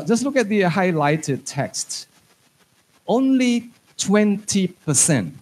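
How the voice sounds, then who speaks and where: A man's voice: mid-range voice, a little mellow. A man giving a conference lecture to teachers, chatty and joking, dropping in phrases. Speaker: conference speaker on English teaching. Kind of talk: lecture to an audience.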